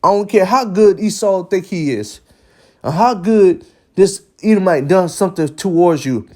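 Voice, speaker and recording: A man's voice: sits high, animated, moderate pace, mellow. A man giving a religious lesson in an emphatic preaching style. He often ends phrases with "man" and sometimes stumbles and repeats words. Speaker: religious teacher.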